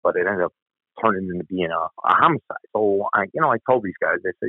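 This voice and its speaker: Talking fast in a low, breathy voice, an older former police officer tells an interview story plainly and with some cursing. The audio comes through a tinny, phone-like line with no room sound.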